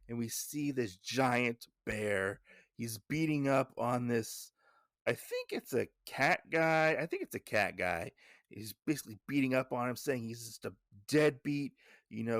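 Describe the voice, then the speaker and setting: A man with an unhurried, gravelly, mid-range voice hosts a podcast, casually recapping a comic issue. He rambles with lots of fillers and side thoughts. The sound is studio quality with no room sound.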